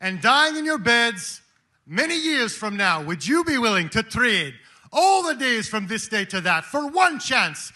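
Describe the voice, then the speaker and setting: Man doing a defiant medieval rebel chief, high and fierce, bellowing a battle cry. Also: very animated, measured pace, heavily acted. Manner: declaiming, shouting battle speech. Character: defiant medieval Scottish rebel leader rallying troops.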